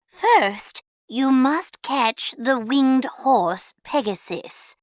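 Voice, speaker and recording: Reader doing a wise old woman in a fable, high and sing-song, very slow. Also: expressive, no room sound, clean studio sound, exaggerated voice. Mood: earnest. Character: old lady, mysterious wise helper.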